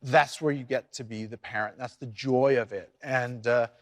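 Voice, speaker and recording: A man speaking candidly as an interview guest, halting and reflective, often restarting his sentences. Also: mid-range voice, steady tone, no echo, clean studio sound.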